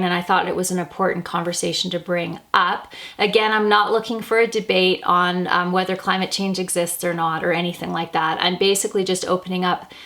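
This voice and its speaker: Hoarse woman homesteader, a bit low, gravelly, rambling vlog chat. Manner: rambling, thinks out loud. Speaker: homesteader and prepper. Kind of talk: casual vlog talk to camera.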